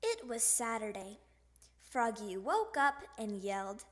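Woman storybook reader, high bright voice, unhurried, animated read-aloud. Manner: animated, sound effects and character voices. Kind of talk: expressive picture book read-aloud.

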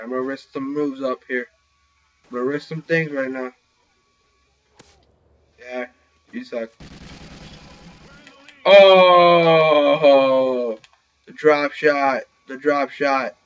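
A young man giving excited live commentary while playing an online shooter, talking into a headset. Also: mid-range voice. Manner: excitable, reacting loudly to kills. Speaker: gaming channel host. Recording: slightly dull lo-fi recording.

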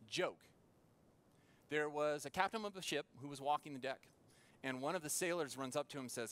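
A man preaching a sermon in a church as pastor, earnest and with dramatic pauses. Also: a little high, a bit bright.

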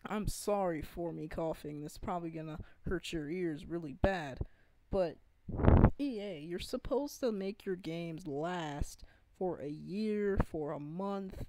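A woman's voice: lowish voice, slow, background noise. A woman in an unscripted gaming rant, earnest and pleading, often stopping to restart her sentences. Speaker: gaming vlogger.

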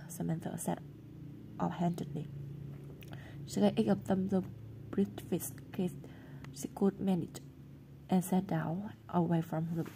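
A woman narrating a storybook chapter in a plain, steady reading voice. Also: on the low side, measured pace, vocal fry, a little hiss or hum.

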